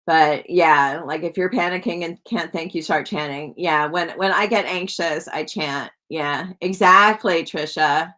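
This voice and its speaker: A woman's voice: low-pitched, a little slow, few pauses, bright, forceful tone. A woman hosting a psychic live stream, rambling casually with lots of "like" and asking her viewers questions.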